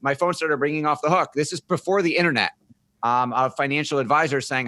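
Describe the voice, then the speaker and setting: Man, middle-aged, podcast guest, bright forceful tone, dry close sound, upbeat and joking. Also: on the high side, fairly even intonation, no echo. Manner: upbeat, joking, brisk storyteller. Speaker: podcast guest, marketing firm founder. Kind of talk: casual interview storytelling.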